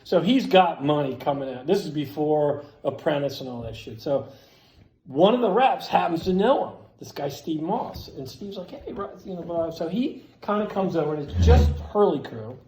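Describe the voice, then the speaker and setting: A man tells a story in a loose, animated way, swearing often and acting out the lines of the people in it. His voice sits a little high. The sound echoes around the room he is in. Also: normal speed. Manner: animated, profane, acts out quotes loudly. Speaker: storyteller at a skate event. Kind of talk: casual storytelling.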